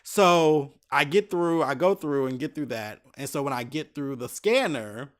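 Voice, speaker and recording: A man's voice: a little high, animated, measured pace. A man hosting his own podcast, recounting a trip in a casual, profane, exasperated way, full of asides. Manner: profane, exasperated anecdote telling with many asides. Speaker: podcast host. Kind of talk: casual solo podcast storytelling.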